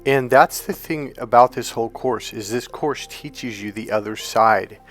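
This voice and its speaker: A man coaching other men on dating and pitching his course, emphatic and profane, with frequent restarts. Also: a little slow, faint music behind. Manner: emphatic, profane, with lots of restarts and acted-out quotes.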